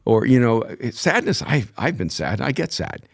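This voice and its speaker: An older man in his sixties talks as a guest on a podcast, unhurried and reflective. His voice sits at an ordinary middle pitch, and he shapes his thoughts with care, like a practiced storyteller. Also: big pitch swings, gravelly. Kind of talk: reflective conversation.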